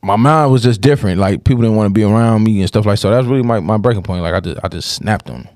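A man's voice: on the low side, fast, a little mellow, dry recording, studio quality. A man candidly telling a rambling personal story in casual podcast talk, with plenty of cursing.

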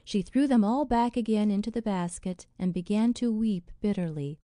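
A woman narrating a fairy tale audiobook in a measured, expressive way. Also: medium pitch, no room sound, studio quality.

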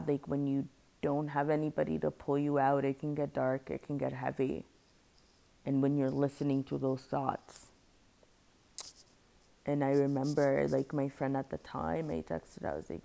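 A young woman speaking softly and reflectively as she tells a personal story on a podcast. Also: very deep voice, steady tone, measured pace, creaky. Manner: soft-spoken and reflective, often quiet.

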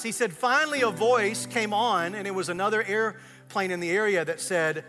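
Male pastor, sermon storyteller, slightly high voice, music bed underneath. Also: fairly quick. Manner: storytelling, swings from hushed to loud excited retelling.

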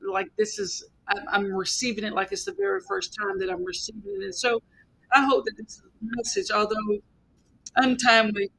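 Guy with a high gravelly voice giving a devotional pep talk, earnest, preachy, repeats himself. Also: big pitch swings, brisk, sharp tone, rough recording. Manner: earnest preacherly exhortation with repetitions. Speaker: podcast host. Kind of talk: devotional podcast message.

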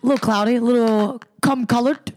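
A woman's voice: on the high side, fairly even intonation, fairly quick, darkish tone. A woman co-hosting a podcast, trading crude jokes in casual chat. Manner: crude, joking banter. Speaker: podcast co-host.

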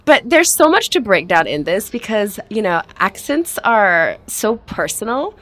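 A woman's voice: measured pace, dry recording. A woman co-hosting a podcast in casual chat, with an American-leaning mix of Singaporean English, laughing often. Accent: mixed Singaporean and American-leaning English. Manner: animated, laughs often, high bursts of laughter. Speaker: podcast co-host.

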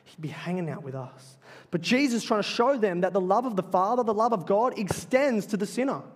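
A male pastor preaching a sermon in a church, earnest and emphatic, slowing down to stress key phrases. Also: high-pitched, expressive. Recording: long reverb of a large hall.

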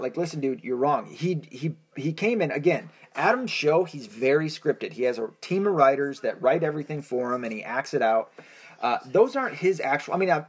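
An American man hosting his own podcast, talking alone in a rambling, profane monologue full of restarts and fillers. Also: a little high. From United States. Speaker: podcast host.

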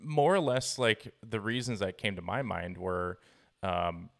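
A man co-hosting a dog training podcast, speaking in a very low, gravelly voice. He rambles a little and leans on fillers like "you know" and "more or less." The tone stays easygoing and conversational. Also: unhurried. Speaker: podcast co-host. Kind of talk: casual podcast chat.

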